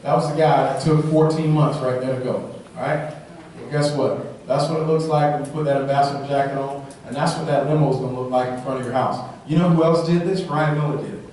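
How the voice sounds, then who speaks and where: Energetic man speaking in an echoey hall. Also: fairly high pitch, quick pace, distant mic, a little hiss or hum. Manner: energetic, storytelling, keeps asking "right?". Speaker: motivational speaker. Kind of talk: live sales rally talk.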